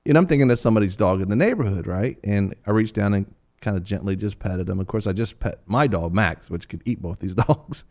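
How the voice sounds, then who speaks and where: A middle-aged man co-hosting a casual chat, telling an animated story with laughter and little voices for the people in it. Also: lowish voice, brisk. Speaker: co-host.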